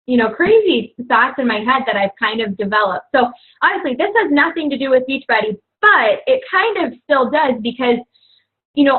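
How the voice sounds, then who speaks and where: Earnest young woman coach, tinny sound. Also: high-pitched. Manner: earnest, rambling, heavy with "you know" and "like". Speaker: fitness coach. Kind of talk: casual motivational talk to fellow coaches. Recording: tinny phone-like audio.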